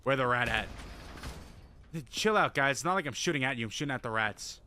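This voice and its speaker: A man streaming a video game, commenting casually, yelling and joking at the characters. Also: medium pitch, brisk, slight background noise. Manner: loud, excitable, yells and jokes at game characters. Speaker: gaming streamer. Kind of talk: casual let's-play commentary.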